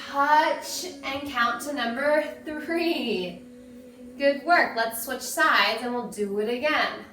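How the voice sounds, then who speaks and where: A woman leads a family yoga session for children, speaking slowly and gently in a fairly high voice. She sounds a little distant in an echoey room, with clear music playing behind her. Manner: gentle, encouraging, slow instructions. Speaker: yoga instructor. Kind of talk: guided children's yoga lesson.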